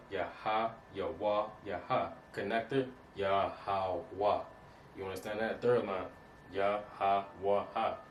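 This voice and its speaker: A man giving an informal lesson over slides, casual and repetitive, often checking that the listener understands. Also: lowish voice. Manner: repetitive, keeps asking "you understand that?"; casual, street-style phrasing. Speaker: Hebrew teacher. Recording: roomy, distant mic, faint noise.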